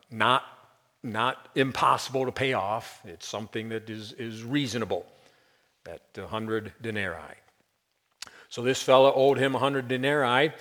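A male pastor preaches an expository sermon in a relaxed, conversational way, leaning hard on key words. His voice sits at an ordinary pitch for a man. It rings out with the long reverb of a big hall. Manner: conversational, emphatic, with brief chuckles.

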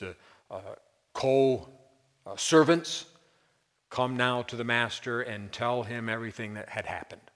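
A male pastor preaches an expository sermon in a relaxed, conversational way, leaning hard on key words. His voice sits at an ordinary pitch for a man. It rings out with the long reverb of a big hall. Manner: conversational, emphatic, with brief chuckles.

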